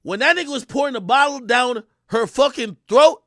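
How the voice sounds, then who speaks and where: Loud, animated male streamer. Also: sits high, a little fast, hardly any pauses, no echo, studio quality. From Jamaica. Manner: loud, excitable, acts out quoted voices with big swings. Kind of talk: animated storytelling on a livestream.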